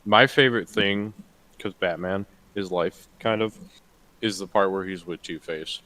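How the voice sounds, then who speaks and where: Lower-voiced, rambling podcast co-host man. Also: unhurried, pushed and bright, poor audio. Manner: jokey, profane, rambling. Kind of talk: casual chat.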